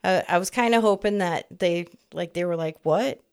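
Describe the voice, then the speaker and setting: A woman's voice: lowish voice, brisk, clear, resonant tone. A woman in her fifties co-hosting a podcast, chatting in a rambling, easygoing way and laughing often. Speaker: podcast co-host. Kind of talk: casual chat.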